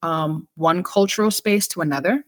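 A woman from California hosts a casual podcast in a lowish voice. She talks reflectively, leaning on "you know," and speaks straight to her listeners. The sound is dry and close. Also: normal speed, no room sound. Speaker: podcast host. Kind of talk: casual conversation on mental health.

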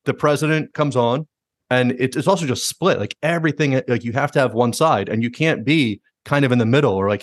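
A man talks in quick bursts on a casual podcast, swearing and slipping into jokey voices when he quotes people. His voice sits at an ordinary middle pitch. The recording is dry and close. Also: dry recording. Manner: fast, animated, swears a lot, acts out quotes in jokey voices. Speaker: podcast host.

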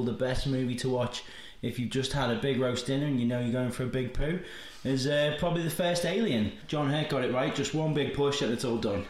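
A man's voice: medium pitch, slight background noise. A man hosting a movie podcast, casual and jokey, laughing often. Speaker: podcast host. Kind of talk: casual comedic chat. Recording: roomy echo.

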